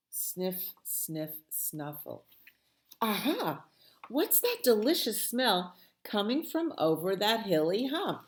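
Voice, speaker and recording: A woman librarian reading a picture book aloud at a children's storytime, playful and expressive with sound words. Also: lowish voice.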